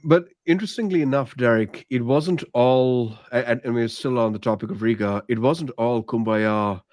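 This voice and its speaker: A man's voice: mid-range voice, normal speed, darkish tone, no room sound. A man hosting a casual podcast, leading the talk with follow-up questions. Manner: conversational, asks follow-up questions. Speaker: podcast host. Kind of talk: casual chat.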